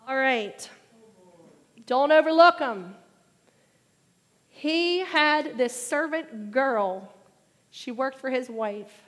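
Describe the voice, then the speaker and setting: A woman preaching a sermon, animated and getting loud when she makes her main points. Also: high-pitched. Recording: long hall reverb.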